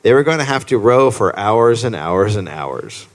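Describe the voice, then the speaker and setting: A man's voice: lowish voice, sing-song, moderate pace. A man hosting a live comedy podcast, reading a history story aloud to an audience. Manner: reads a history story aloud, breaks into silly sound effects. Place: live stage in front of an audience.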